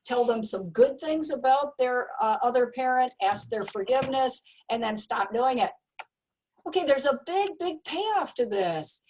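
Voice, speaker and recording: A woman's voice: sits high, lively intonation, a little slow, a little mellow, recorded from a distance, slight background noise, rough recording. A woman giving a recorded parenting presentation, talking emphatically and repeating key words for stress. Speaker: parenting educator.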